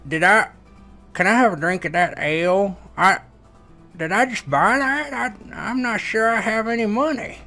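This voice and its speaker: A man's voice: fairly high pitch, sharp tone, pitched above the performer's own voice, full character voice. A man doing a toothless, rambling old coot. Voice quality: gummy, lisping, toothless mumble. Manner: rambling, folksy drawl.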